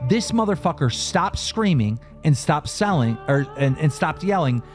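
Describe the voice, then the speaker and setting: A man recounts a tense phone call in a profane, emphatic way, his pitch sitting fairly high and leaping around with every point. Faint music plays beneath his voice. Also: expressive, moderate pace. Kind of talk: heated storytelling on a talk show.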